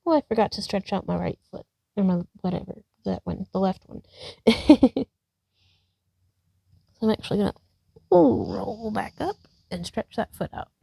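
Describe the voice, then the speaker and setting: Indoors at home by a wall, a yoga teacher cues breaths and poses at normal speed in a gravelly, husky mid-range voice, pausing often. She is sometimes winded, laughs at herself, and chats relaxedly between instructions and self-talk. The recording is dry and of poor quality.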